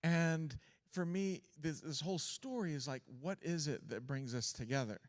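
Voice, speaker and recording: A man's voice: a little high, moderate pace. A man on a panel speaking thoughtfully, searching for his words. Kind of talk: reflective panel talk.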